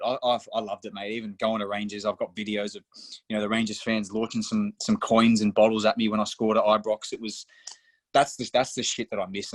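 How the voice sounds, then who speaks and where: Casting note: young man from Australia, low-ish voice, loose storyteller, swears a lot, dry close sound. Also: no room sound. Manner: swears freely, storytelling, says mate often. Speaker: footballer guest. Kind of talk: casual podcast interview.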